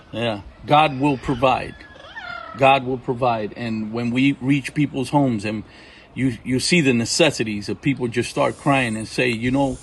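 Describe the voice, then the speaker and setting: A man's voice: mid-range voice, low-quality recording. Middle-aged guy from puerto rico sharing ministry stories outside, faint background noise. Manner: animated storyteller, acts out quotes. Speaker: ministry partner. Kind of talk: testimony talk. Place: outdoors at home.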